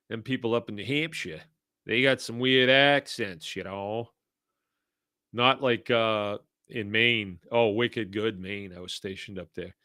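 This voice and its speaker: A man's voice: on the low side, slow pace, long pauses, bright, forceful tone, smooth, dry recording, studio quality. An older man from Massachusetts hosting a podcast, reading listener comments in casual talk with a folksy, blunt manner and frequent chuckles. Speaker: podcast host.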